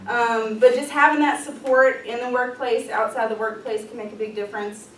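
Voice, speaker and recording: A woman's voice: fairly high pitch, fairly even intonation, normal speed, a little hiss or hum. Upbeat woman leading a workshop. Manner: upbeat, casual, frequent ums and light laughs. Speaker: workshop presenter. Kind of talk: leadership workshop talk. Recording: echoey room, voice from far off.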